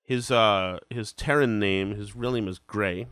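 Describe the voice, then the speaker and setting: A man's voice: on the low side, unhurried, a bit bright, smooth, no room sound. A man in his forties hosting a casual podcast, rambling and self-deprecating, with a head cold that makes him sound congested. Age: 40s. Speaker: podcast host.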